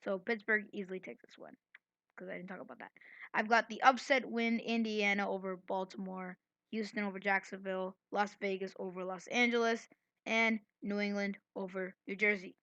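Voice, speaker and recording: A woman's voice: mid-range voice, level tone, normal speed, a bit bright, no echo, dull audio. A woman hosting her own sports channel, casually talking through her football picks with lots of fillers and restarts. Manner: chatty, filler-heavy, restarts mid-sentence. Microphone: computer mic.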